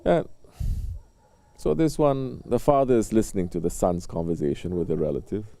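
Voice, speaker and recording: Man giving a sermon, super dark mellow voice, slow with lots of pauses, acts out little stories, dry close sound. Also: fairly low pitch, big pitch swings, dry recording. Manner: storytelling, acting out short exchanges between people; unhurried, with pauses and soft fillers. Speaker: Sufi religious teacher.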